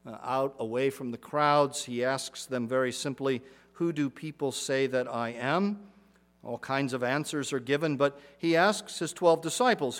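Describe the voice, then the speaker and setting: A middle-aged man, a pastor, preaching a sermon in an earnest, emphatic way, repeating phrases for weight. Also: medium pitch.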